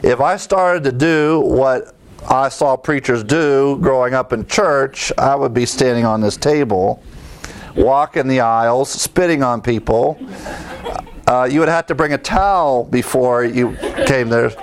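A man's voice: mid-range voice, a little slow. Man preaching an emphatic sermon. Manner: builds from teaching tone to emphatic, rising exhortation; asks the congregation fill-in questions. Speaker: pastor.

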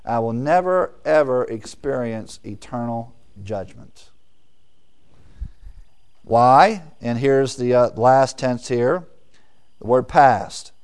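A man's voice: medium pitch, lively intonation, slow, pauses often, clear, resonant tone. Emphatic preacher man teaching scripture. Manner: emphatic, swings between loud stresses and quiet asides; asks the audience questions and answers them. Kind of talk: sermon, verse-by-verse teaching.

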